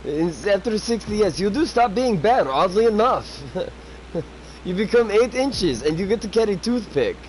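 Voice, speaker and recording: A man putting on a mock foreign accent, playing a boastful man from a far-off land who speaks broken English with a deadpan delivery. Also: high-pitched, a little slow, slight background noise.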